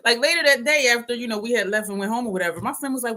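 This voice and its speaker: A woman's voice: on the high side, expressive, very fast, sharp tone, slight background noise. A woman in her fifties, host of a casual livestream, telling a story to viewers, often laughing and reading out comments. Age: 50s.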